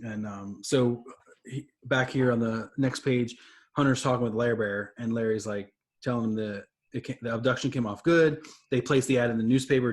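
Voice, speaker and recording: A man's voice: mid-range voice, moderate pace. A man talks through a comic book plot on a podcast, loosely and casually. He rambles and fills gaps with "um" and "like" as he goes. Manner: rambling, summarizes plot with many fillers. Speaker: podcast co-host.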